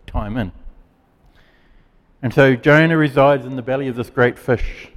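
A man preaching a sermon as pastor, earnest and emphatic, with dramatic pauses. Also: on the high side, big-room sound.

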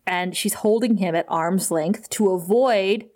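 A woman co-hosting a casual podcast, often laughing and slipping into quick impressions while she retells scenes. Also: medium pitch, darkish tone. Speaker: podcast co-host. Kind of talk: casual chat recapping a TV episode.

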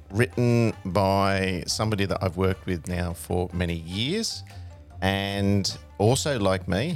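Deep-voiced man hosting a studio interview. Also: vocal fry. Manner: conversational, with fillers and restarts. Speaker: show host.

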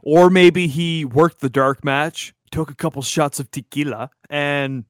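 A man co-hosting a casual podcast, relaxed, trailing off into wry asides. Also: fairly high pitch, unhurried, no room sound, clean studio sound. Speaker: podcast co-host. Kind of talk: casual chat.

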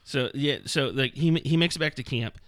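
A man's voice: mid-range voice, moderate pace, fairly bright tone, clear, resonant tone. A man in casual podcast chat, reading passages from a book aloud with mocking asides and laughter. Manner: mocking, laughing while reading, many fillers.

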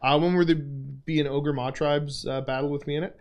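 A man's voice: a little high, fairly even intonation, fairly quick, a little mellow. Rambling young man hosting a stream. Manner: rambling, self-deprecating, filler-heavy. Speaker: livestream host. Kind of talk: casual livestream Q&A chat.

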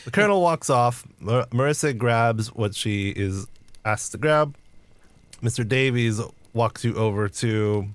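A man's voice: mid-range voice, lively intonation, a little slow, clean tone, dry recording. A man narrating as game master in a tabletop game, casual and loose. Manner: casual, with fillers and restarts.

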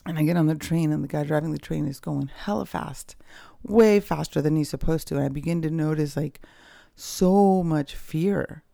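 A woman hosts her own podcast from home, speaking in a loose, candid and reflective monologue. Her voice has a gravelly, mellow texture, and she often trails off, restarts and fills pauses. The sound is close and dry. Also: low voice, no room sound. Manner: candid, rambling, with frequent fillers and restarts. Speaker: podcast host. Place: at home, dogs nearby.

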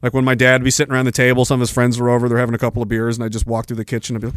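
A man's voice: mid-range voice, completely flat delivery, rapid-fire, no echo, studio quality. Sarcastic, profane ranting man. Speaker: podcast host. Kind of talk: casual ranting monologue reading messages.

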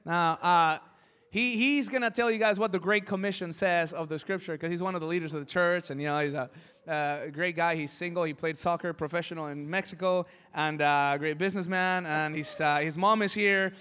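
A male pastor preaching a sermon, asking rhetorical questions and building to loud emphatic peaks. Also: on the high side, steady tone, a little fast, clean tone, big-room sound.

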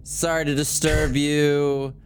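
Slow, nervous-sounding man player. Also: fairly high pitch, level tone, slight background noise. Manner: nervous and hesitant, stammering. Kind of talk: casual tabletop role-play.

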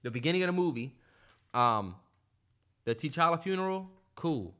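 A man's voice: on the high side, expressive, moderate pace, fairly bright tone. A man co-hosting a podcast in casual chat, talking animatedly and emphatically with lots of slang and filler ums. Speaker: podcast co-host.

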